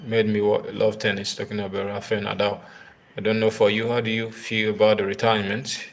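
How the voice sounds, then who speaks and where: A man talks tennis on a live video in a low, gravelly voice. He speaks in halting bursts full of fillers and repeated words. He keeps turning to his viewers to ask for their comments. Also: monotone. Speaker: tennis live-stream host. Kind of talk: casual live-stream commentary.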